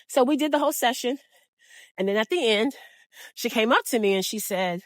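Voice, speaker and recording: A woman yoga teacher casually sharing stories from her classes in a chatty, animated way. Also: a little high, fairly quick, dry recording, clean studio sound. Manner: warm, chatty, animated storytelling. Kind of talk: casual storytelling vlog.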